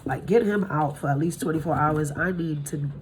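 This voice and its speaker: A woman in her thirties giving a casual tarot reading, tired from little sleep, blunt and profane, her voice jumping up in pitch when she gets excited. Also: normal speed, very noisy. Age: 30s. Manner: blunt and profane, swears freely. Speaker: tarot reader.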